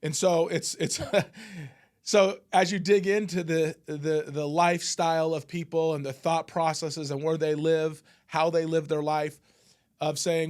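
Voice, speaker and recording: A middle-aged man talks through a motivational podcast episode, slightly higher-voiced than most men. He tells stories in a loose, chatty way, often repeating words and restarting sentences. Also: level tone, a little slow, darkish tone. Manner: conversational storytelling with frequent fillers and restarts. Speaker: podcast host and business coach. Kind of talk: casual motivational talk.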